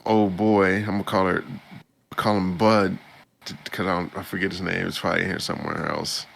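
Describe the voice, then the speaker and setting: A man's voice: low voice, level tone, normal speed, gravelly, fairly bright tone, a little hiss or hum. A man hosting a podcast, recapping an anime episode in a rambling, chuckling way. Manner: rambling, with many restarts and chuckles. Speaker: podcast host. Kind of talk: casual anime recap chat.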